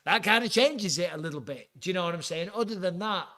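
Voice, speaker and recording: A man's voice: high voice, fast talker. A middle-aged man with an English accent, hosting a casual live-stream watch party and talking through the fights, swearing often. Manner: swears and says "bloody" often, excitable. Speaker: host.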